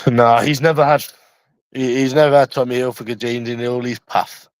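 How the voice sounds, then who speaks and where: A man's voice: mid-range voice, fairly even intonation, moderate pace, no echo, poor audio. A man with a London accent, chatting casually on a live stream from a room at home, brash and rambling with heavy swearing.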